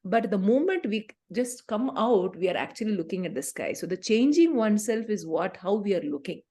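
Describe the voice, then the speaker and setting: A woman's voice: medium pitch, lively intonation, brisk, mellow. A woman facilitating a parenting workshop, speaking earnestly and enthusiastically, often repeating words. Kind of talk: reflective workshop talk.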